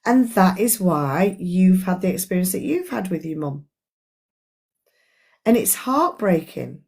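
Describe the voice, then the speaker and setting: A woman's voice: on the low side, very animated, unhurried, darkish tone, breathy edge. A middle-aged woman, a life coach, leading an earnest, chatty book club discussion on a live stream and talking straight to her audience.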